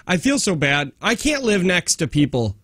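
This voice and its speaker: A man with a high voice co-hosts a radio talk show in casual banter. He jokes wryly and builds riffs on his partner's stories. The sound is dry and close, from a studio microphone. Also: sing-song, normal speed, a bit bright, no echo. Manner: wry joking, riffs on the other host's stories.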